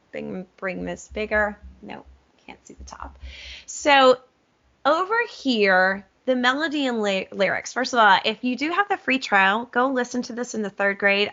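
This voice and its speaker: A middle-aged woman music teacher demonstrating a curriculum in an enthusiastic webinar, animated and gushing, with self-aware asides. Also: on the high side, muffled recording.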